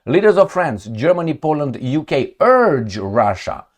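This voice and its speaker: A man's voice: on the high side, very animated, a little slow. A man giving casual political commentary, mocking and chatty, talking to his viewers like friends. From Romania.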